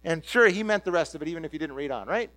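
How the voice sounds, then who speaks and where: A man delivers a sermon as a lively story, rising into excited bursts as he acts out the crowd. His voice sits high for a man, and the sound is dry and close with a low mains hum beneath it. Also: racing, no room sound. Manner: animated storytelling, voicing the crowd's reactions. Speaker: preacher.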